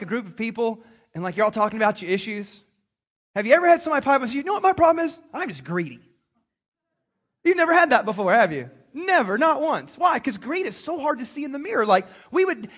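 A man preaching a sermon to a congregation, animated and acting out quoted voices. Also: very high voice, fast. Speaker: pastor.

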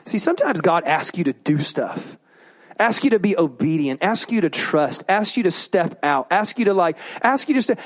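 A man preaching a sermon as pastor, animated, acting out quoted voices as he goes. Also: moderate pace. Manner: animated, acts out quoted voices with rising pitch.

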